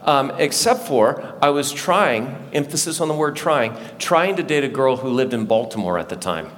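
A man's voice: mid-range voice, animated, normal speed. A middle-aged man, a lead pastor, preaching a sermon to a live congregation in a church, conversational and often asking the listeners questions. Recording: long hall reverb, faint background noise.

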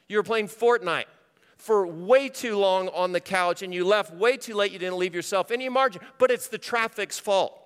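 Pastor preaching in a reverberant hall. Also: male voice, high-pitched, clear, resonant tone. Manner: shifts from loud and animated to quiet and intimate. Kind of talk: sermon.

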